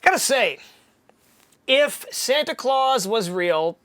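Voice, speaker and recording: A woman's voice: on the high side, animated, takes it slowly, a bit bright. A woman hosting a casual podcast chat who tells a story with animation and acts out the voices of the people in it. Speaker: podcast host.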